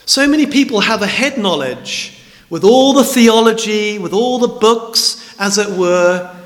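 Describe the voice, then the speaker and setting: A man's voice: sits high, animated, unhurried. A man preaching a sermon, emphatic and stressing words by repeating them. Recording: echoey hall with long reverb.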